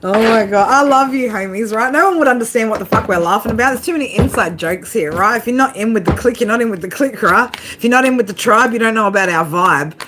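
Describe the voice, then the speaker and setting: A woman's voice: fairly high pitch, fast talker, few pauses, background noise. A woman giving a casual tarot reading to her viewers, swearing freely, laughing often and talking straight to them. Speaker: tarot reader.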